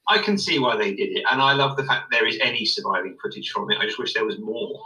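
A chatty, amused man talks on a podcast with a sharp, bright tone. He sits away from the microphone, so the sound is roomy. He laughs often. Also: medium pitch, animated, fast talker, distant mic. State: tired late at night. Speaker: podcast co-host. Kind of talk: casual commentary chat. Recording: bright roomy sound, set back from mic.

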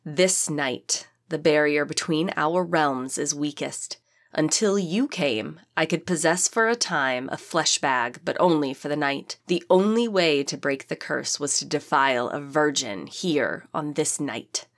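A woman voicing an ancient, hungry female demon spirit in an audiobook, speaking slowly with menace and seduction. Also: sits low. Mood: menacing, gloating. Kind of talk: audiobook character reading.

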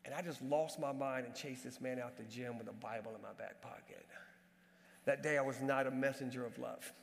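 A man preaching a sermon with storytelling, animated, swinging between loud outbursts and hushed, earnest moments. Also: mid-range voice, a little fast, vocal fry. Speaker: pastor and basketball coach. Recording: long hall reverb.

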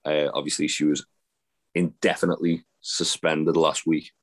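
Deep-voiced man rambling about wrestling. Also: flat delivery, moderate pace. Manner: rambling, many fillers and restarts. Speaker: podcast co-host. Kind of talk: casual wrestling chat.

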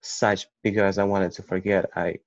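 A man from Ukraine telling a personal story in a halting way, with many restarts. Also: deep voice, little pitch movement, no room sound. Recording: dull, muffled recording.

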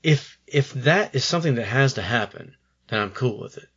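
A man's voice: mid-range voice, lively intonation, moderate pace, fairly bright tone, breathy edge, lo-fi sound. A man co-hosting a podcast, talking casually about college sports in rambling sentences with frequent stammered restarts. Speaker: podcast co-host.

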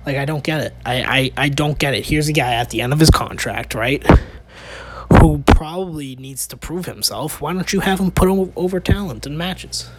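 A man's voice: a little high, moderate pace, noisy background. A man hosting a casual opinion podcast, rambling with restarts and rhetorical questions, sounding exasperated. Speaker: podcast host.

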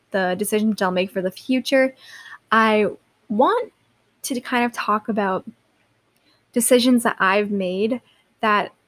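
Young woman, solo podcast host, chatty and rambling. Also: mid-range voice. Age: young adult. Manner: chatty and rambling, lots of likes and restarts. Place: seated in a chair.

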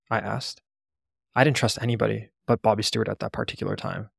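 A man's voice: lowish voice, steady tone, fast talker, gravelly, no room sound, studio quality. A man narrating a first-person memoir in a blunt, profane storytelling manner.

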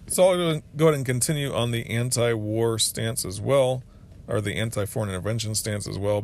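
Low gravelly guy doing a solo podcast rant, earnest, bit of hiss behind him. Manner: earnest, restarts phrases, reads quotes aloud. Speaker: podcast host. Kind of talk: solo political commentary.

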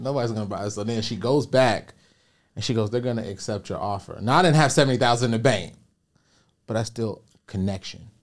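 Speaking in a fairly low voice, this man is a business coach guesting on a podcast. He shares a personal story and motivational advice with animation, performing the voices of the people he quotes.

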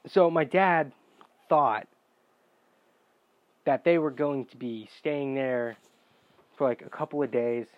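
A young man telling a story in a casual, profane rant. He sounds exasperated and now and then bursts into shouting. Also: mid-range voice, slow pace, pauses often, no room sound, phone-quality sound.

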